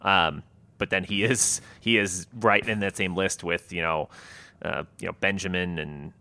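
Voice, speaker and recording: A man chatting casually about track results as co-host, halting and repeating words with lots of fillers. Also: low voice, fairly even intonation, pushed and bright. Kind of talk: casual sports chat.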